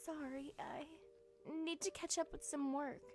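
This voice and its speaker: A man voicing a quiet, withdrawn teenage schoolgirl in a soft, hesitant falsetto while reading a game aloud. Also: steady tone, unhurried. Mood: timid.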